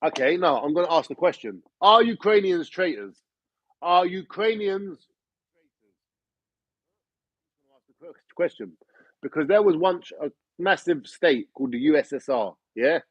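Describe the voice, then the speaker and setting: A man's voice: a little high, lively intonation, brisk, breathy edge, dry recording. A man ranting in an opinionated monologue, swearing and firing off rhetorical questions. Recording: dull lo-fi recording.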